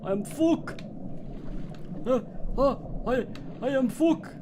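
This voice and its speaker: A male alien warrior, as a streamer puts him on, pipes up in a sudden high, strained voice. He stumbles and repeats himself, pushing each word out with effort. A faint hiss sits under it. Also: takes it slowly. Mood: strained, proud.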